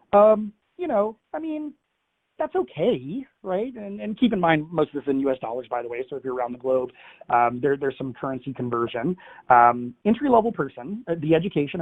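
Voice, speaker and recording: A man presenting research in a webinar, talking conversationally with many fillers and emphatic asides. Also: mid-range voice. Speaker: industry analyst presenting a webinar. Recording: tinny phone-like line.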